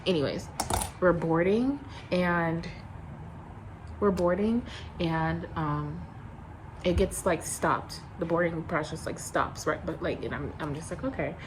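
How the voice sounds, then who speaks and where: A young adult woman, a flight attendant, telling a story in a casual vlog, blunt and animated, acting out both sides. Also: on the low side, slow pace, background noise.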